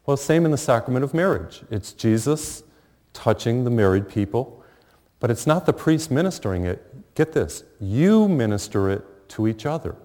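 A middle-aged man delivers a sermon with an easygoing storyteller's touch, slipping in humor and pauses. His voice sits at an ordinary pitch and carries a long reverberant tail from a large hall. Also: big pitch swings, dark tone. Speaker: preacher.

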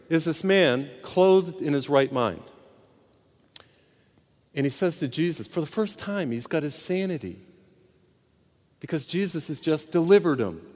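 A man preaching a sermon and telling a personal story with lively energy, acting out the people in it. His voice sits at an ordinary pitch and carries a long reverb, as in a large hall. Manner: animated storyteller, acts out voices and shouts.

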